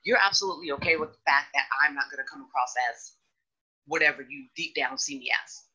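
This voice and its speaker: Candid woman podcast host, bright edge. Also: fast, husky. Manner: candid, animated, slips into high mocking voices. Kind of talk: casual chat. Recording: dull lo-fi audio.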